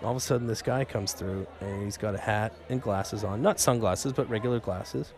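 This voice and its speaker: A man in his forties telling a story in casual radio chat, animated and acting out what people said. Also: normal speed. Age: 40s. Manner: animated storyteller, acts out quotes, trails into low mumbles. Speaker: guest storyteller.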